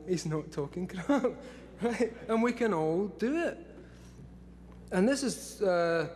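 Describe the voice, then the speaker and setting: There's a faint hiss or hum behind this slightly high male voice. He's a Scottish man in his forties at a live event, rambling to the crowd with lots of swearing, frequent laughter, and plenty of excitement.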